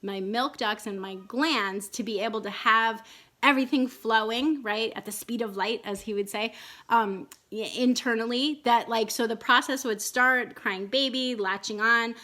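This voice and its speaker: A woman's voice: fairly high pitch, normal speed, sharp tone. Rambling woman telling her story. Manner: rambling, many fillers and restarts. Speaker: vlogger. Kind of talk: casual personal storytelling.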